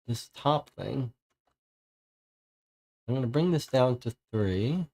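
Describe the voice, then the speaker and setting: A man's voice: medium pitch, animated, takes it slowly, creaky, warm tone. Man thinking aloud over a board game. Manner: deliberating, muttering options to himself. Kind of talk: reading card text and thinking aloud during solo play.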